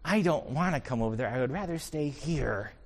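A man's voice: mid-range voice, expressive, a little fast, long reverb tail. A man voicing a stubborn young schnauzer. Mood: sulky. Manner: reluctant, put-upon inner voice.

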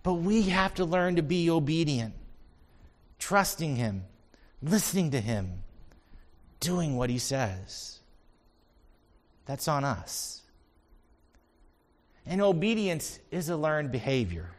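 A man's voice: on the high side, lively intonation, takes it slowly, pauses often. A man pastor delivering an earnest sermon, telling stories and building to emphatic points. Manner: earnest, storytelling preacher with rising emphasis.

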